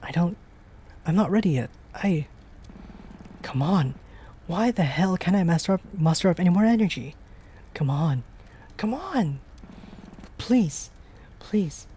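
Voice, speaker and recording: A streamer acting out a frantic young woman caught in a blaze, stammering through the game's text and leaping from strained shouts to breathy whispers. The pitch stays mid-range at rest, and a soft hiss of faint noise runs underneath. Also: lively intonation, a little slow, pauses often, natural voice. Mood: terrified. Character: panicked young woman trapped in a burning building. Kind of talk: dramatic reading of game text.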